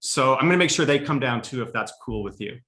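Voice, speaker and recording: Man, host and moderator, upbeat and friendly, bright voice. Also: medium pitch, expressive, fast. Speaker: host, institute director. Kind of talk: moderating a live online conversation.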